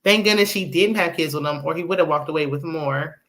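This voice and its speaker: A woman's voice: low voice, fairly quick, slight background noise. Chatty woman recapping a movie. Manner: chatty, animated retelling with laughs and acted-out quotes. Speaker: movie review host. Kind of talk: casual live movie recap.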